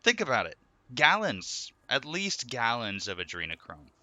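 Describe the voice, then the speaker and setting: A man's voice: medium pitch, sing-song, moderate pace, pushed and bright, no room sound. A man live streaming, chatting casually in a joking, rambling way. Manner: joking, rambling, laughing often. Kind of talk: casual chat.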